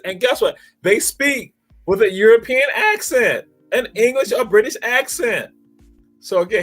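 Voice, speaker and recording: A man's voice: high-pitched, a bit bright, breathy edge. A man hosting a talk show, speaking in a preacherly way and repeating phrases for emphasis. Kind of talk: spirited talk show monologue.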